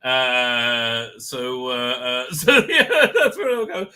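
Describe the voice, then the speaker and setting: Sharp-voiced excitable man hosting a livestream. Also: mid-range voice, slow, clean tone. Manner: rambling, excitable, profane; laughs often. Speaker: livestream host. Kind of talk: casual live chat.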